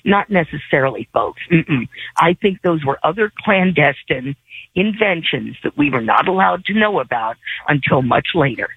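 A woman's voice: deep voice, lively intonation, normal speed, slightly rough, dry recording. A woman from Virginia calling in to a radio show, rambling through conspiratorial musings. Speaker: radio caller. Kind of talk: phone-in call. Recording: tinny phone line.

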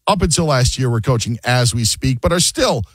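A man's voice: medium pitch, fairly quick, breathy edge, no room sound. A man hosting a sports radio show, chatting casually and joking, often acting out quotes. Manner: animated, jokey, acts out quotes.

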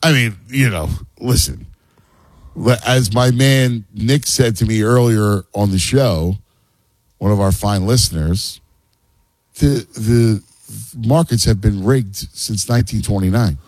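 A man's voice: lowish voice, takes it slowly, darkish tone, dry recording. A man hosting a sports talk show, speaking casually and emphatically.

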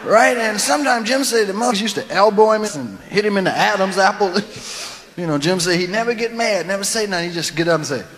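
High-voiced man telling a comic story. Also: fairly quick, a bit bright, in a large hall. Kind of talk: storytelling stand-up.

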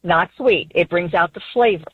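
A woman's voice: on the low side, moderate pace, breathy edge, no room sound. A woman from Florida calling into a radio show, chatty and giggly as she tells a kitchen story. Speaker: caller. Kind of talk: call-in phone conversation. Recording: tinny phone line.

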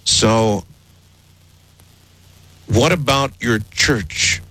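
A man's voice: medium pitch, drawn-out words, pushed and bright, slightly rough, dry recording, rough recording. A man hosting a radio call-in show, probing with questions and stumbling as he repeats them. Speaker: radio talk show host.

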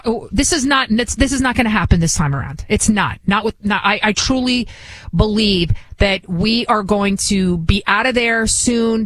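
A woman host talks straight into a dry, close mic with no room echo. Her delivery is forceful and insistent, and she doubles back on phrases to hammer them home. Her pitch sits in an ordinary middle range. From United States. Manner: emphatic, repeats phrases for stress. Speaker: talk show host. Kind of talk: opinionated political commentary.

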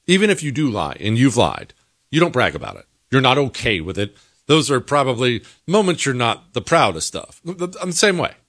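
A man's voice: mid-range voice, sing-song, moderate pace, a bit bright, slightly rough, no room sound, studio quality. A man hosting a political commentary monologue, talking in an opinionated, emphatic way. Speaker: host.

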